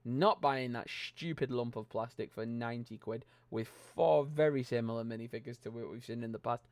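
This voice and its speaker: A young British man hosting a LEGO channel rants bluntly about set prices, swearing casually into a close desk mic. He speaks with a British accent in a mid-range, darkish voice at normal speed, with no echo.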